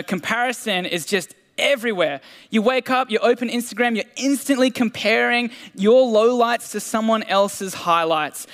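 A man's voice: high voice, fairly bright tone. A man preaching a sermon in a casual, self-deprecating way, with fillers and restarts. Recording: long hall reverb.

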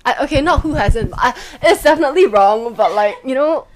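A woman's voice: sits high, lively intonation, brisk. A young woman co-hosting a casual podcast chat, teasing and playful in a laid-back way. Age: young adult. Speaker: podcast co-host. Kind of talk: casual chat between friends.

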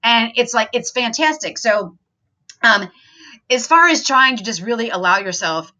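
A woman's voice: fairly high pitch, animated, moderate pace, pushed and bright. A woman hosting a podcast, talking in an earnest, chatty self-help monologue with many fillers. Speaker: podcast host.

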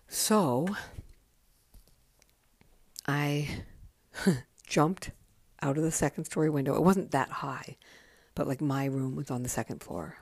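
Brief: woman, 50s, deep voice, casual podcast memoir, frank and foul-mouthed, dry close recording. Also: takes it slowly, pauses often, no room sound. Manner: candid, profane and chatty. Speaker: podcast host.

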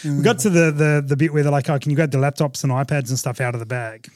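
A man hosting a podcast, telling a travel story in a casual, animated way, laughing often and acting out what people said. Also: on the high side, fast, no room sound. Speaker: podcast host.

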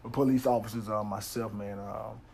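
This podcast host, an adult man from the Nashville area with a son, tells a personal story casually, candidly, and with plenty of swearing, often repeating himself. His voice sits on the low side with a darkish tone and vocal fry, his intonation is fairly even at a normal pace, and there's a little hiss or hum in the recording.

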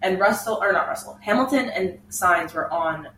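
A young woman co-hosting a casual podcast chat, talking quickly and laughing often. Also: lowish voice, animated, a bit bright. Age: young adult. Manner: chatty, laughs often, does mock voices of drivers. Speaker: podcast co-host. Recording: echoey room, mic far off, faint noise.

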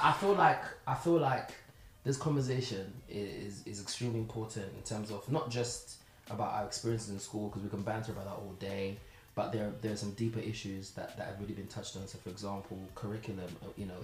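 A man's voice: on the low side, fairly bright tone. A man from Zimbabwe hosting a casual podcast chat, telling stories with animation and then turning earnest and reflective. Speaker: podcast host. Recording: roomy echo.

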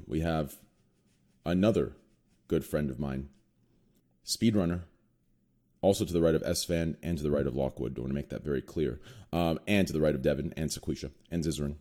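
A young man hosting a group podcast, joking crudely and dropping to a quiet murmur when he introduces guests. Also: very deep voice. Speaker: podcast host. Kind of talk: casual group podcast chat.

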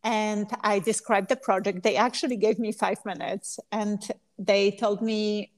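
A woman with a strong Polish accent tells her story as a guest in a relaxed interview. She is animated and laughs easily between her sentences, and her pitch sits in the middle range. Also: a little slow. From Poland. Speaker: brand founder, guest. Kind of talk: casual interview.

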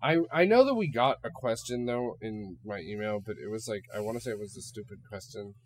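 A young man from Ohio hosting a casual podcast, telling stories with plenty of swearing and animated emphasis. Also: on the low side, fairly quick. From Ohio, USA. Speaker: podcast host.

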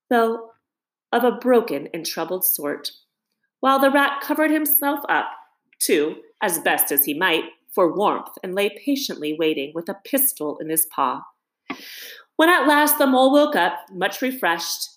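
A woman narrating a classic storybook as an audiobook reader, in a measured, gentle reading voice. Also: medium pitch.

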